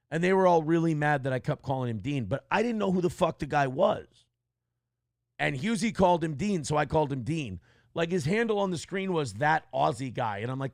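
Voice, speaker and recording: A man's voice: fairly high pitch, creaky, no echo, studio quality. A man hosting a livestream, telling a story in a brash, profane, mocking way and acting out other people's lines. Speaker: livestream host. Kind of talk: casual monologue.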